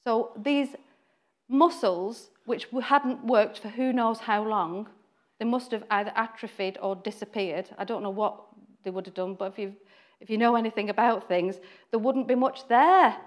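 Brit woman preacher, conversational delivery, acts out voices, slightly high voice. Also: normal speed. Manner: chatty, acts out quoted voices, laughs often. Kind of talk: informal sermon.

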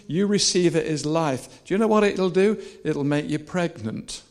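A male preacher giving a lively, animated sermon, swinging between soft, personal asides and repeated, shouted rallying cries. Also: fairly high pitch, normal speed. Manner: animated, shouting and laughing with the crowd.

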